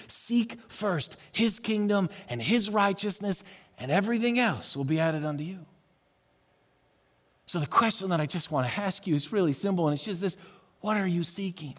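A man preaching a sermon as pastor, with dynamic delivery that swings between loud urging and soft, hushed passages. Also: high-pitched, expressive, moderate pace, long reverb tail.

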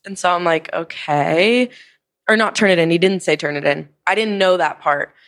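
Chatty young woman, lowish voice. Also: moderate pace, a bit bright. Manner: chatty, rambling, frequent "like" fillers, swears casually. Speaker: podcast host. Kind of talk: casual storytelling chat.

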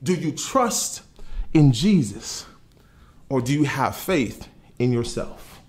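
A man's voice: mid-range voice, takes it slowly. A man preaching a sermon in a conversational way, asking his listeners questions and telling them to write things down. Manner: animated, conversational, asks the audience questions. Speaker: pastor.

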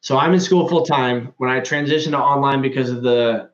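A man's voice: medium pitch, brisk, reverberant, muffled recording. Tipsy man telling a profane story. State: tipsy, words a bit slurred. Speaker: podcast host. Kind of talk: casual chat.

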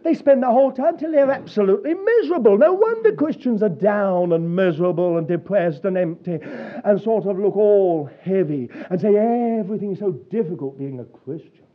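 A man preaching a sermon, telling stories with a chuckle in an animated way. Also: high-pitched, normal speed. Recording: dull lo-fi sound.

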